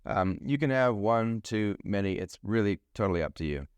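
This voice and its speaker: A man's voice: fairly low pitch, expressive, moderate pace, clear, resonant tone, no echo. A man hosting a solo podcast, a financial advisor talking in a chatty, jokey way. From New Zealand. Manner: chatty and jokey, food metaphors. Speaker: podcast host.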